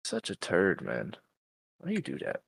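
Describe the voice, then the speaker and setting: A man's voice: low voice, wildly swooping pitch, normal speed, gravelly, breathy edge, no room sound. A young man co-hosting a podcast in casual, profane, rambling chat, at times reading a post aloud and reacting to it. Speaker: podcast co-host.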